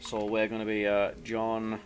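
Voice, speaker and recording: A let's play commentator with a lowish, completely flat voice talks a little slowly over slight background noise. He reads the game's story text aloud while playing, rambling, mocking himself and restarting often.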